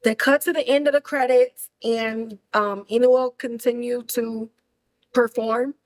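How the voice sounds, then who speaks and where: A woman hosting a podcast, recapping a film in animated, slangy, casual chat. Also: on the high side, unhurried, rough recording. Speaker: podcast host reviewing a film.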